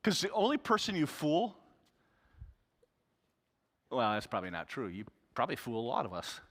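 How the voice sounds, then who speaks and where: Bright-voiced pastor preaching in a hall. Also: male voice, mid-range voice, wildly swooping pitch, normal speed. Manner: conversational, earnest, with restarts. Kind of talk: sermon.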